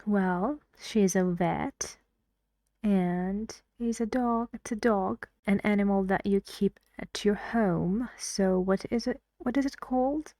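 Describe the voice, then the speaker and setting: A woman's voice: mid-range voice, slow pace, mellow, no echo, studio quality. A woman teaching English pronunciation, patiently drilling words and repeating them for emphasis. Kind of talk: language lesson.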